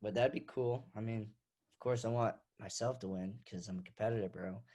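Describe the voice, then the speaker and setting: A man's voice: fairly low pitch, steady tone, normal speed, dark tone. A young man, a wrestler guest, chatting casually and telling stories with frequent laughs. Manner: laid-back, laughing storyteller. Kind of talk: casual interview chat.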